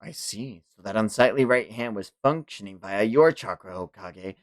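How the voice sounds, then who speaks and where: A man's voice: lowish voice, animated, moderate pace, lightly acted. A man voicing an arrogant, ancient male villain god who talks with contempt and barks commands. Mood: scornful.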